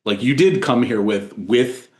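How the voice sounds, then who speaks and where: A man narrating as game master of a tabletop horror game, halting with many fillers and restarts. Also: medium pitch, a little mellow, roomy sound.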